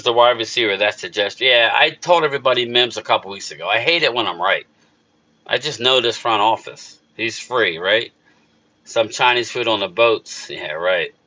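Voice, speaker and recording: South jersey guy chatting live w his viewers, bright forceful voice, kinda muffled lo-fi sound. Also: lowish voice. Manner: rambling, emotional, talks back to chat readers. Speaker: YouTube sports channel host. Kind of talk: casual live chat with viewers.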